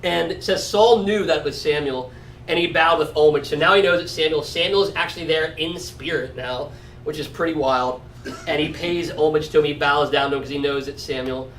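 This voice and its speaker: A man leads a casual Bible study, speaking conversationally and often checking in with "right?" His voice is fairly high, a little fast and a bit bright. A distant mic gives roomy echo, with a little hiss or hum.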